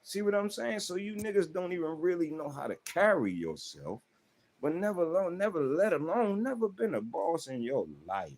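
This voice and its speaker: His voice sits high and has a darkish tone, very animated at a normal pace. As a livestream host from South Central Los Angeles, he delivers a confrontational, profane monologue to chat in AAVE, punctuated by rhetorical questions.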